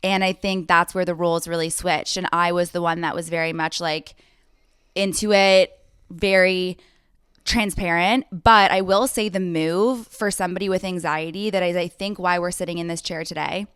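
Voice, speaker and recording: A woman's voice: lowish voice, steady tone, moderate pace, a bit bright, clear, resonant tone, dry recording, clean studio sound. A young adult woman hosting a podcast, telling a personal story in an effusive, chatty way with frequent "like" asides. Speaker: podcast host. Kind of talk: casual podcast conversation.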